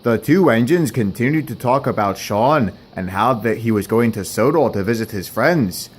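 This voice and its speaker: A man narrating a homemade toy-train story, plain and wry with deadpan asides. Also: medium pitch, normal speed, slightly rough.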